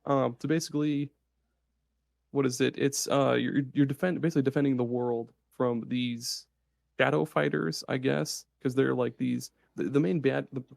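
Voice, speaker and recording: A man co-hosting a podcast in casual chat, excited and swearing freely as he rambles. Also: mid-range voice, normal speed, creaky, no room sound, studio quality. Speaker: podcast co-host.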